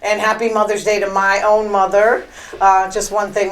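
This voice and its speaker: A woman's voice: medium pitch, level tone, moderate pace, low-quality recording. Chatty woman hosting a casual monologue. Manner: chatty, rambling storytelling with many fillers. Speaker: podcast host.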